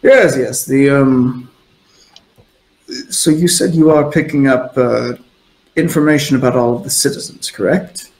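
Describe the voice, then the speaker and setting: A man voicing a scheming male lord who presses his point slowly and repeats himself. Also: medium pitch, a little mellow, natural voice. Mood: insistent. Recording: echoey room.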